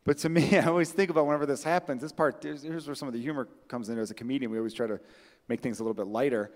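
A man's voice: mid-range voice, steady tone, very fast. A man hosting a comedy podcast in casual chat, joking wryly and swearing freely about himself. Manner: wry, profane, self-mocking jokes. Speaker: podcast host. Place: room with friends present. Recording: long hall reverb.

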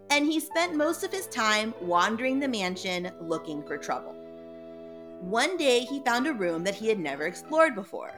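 A woman reading a ghost story aloud in a dramatic, playful way. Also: mid-range voice.

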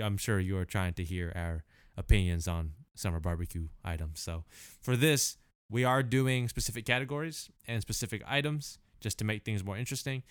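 Chill podcast dude, kinda low smooth voice, slangy and loose, dry close sound. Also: male voice, no echo. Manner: laid-back, slangy, laughs often. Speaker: podcast co-host. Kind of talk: casual chat.

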